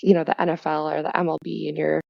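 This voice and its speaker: Gravelly, low-voiced woman chatting. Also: quick pace, no echo. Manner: chatty storyteller, lively asides. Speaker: podcast guest. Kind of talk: casual chat. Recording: dull, dry lo-fi sound.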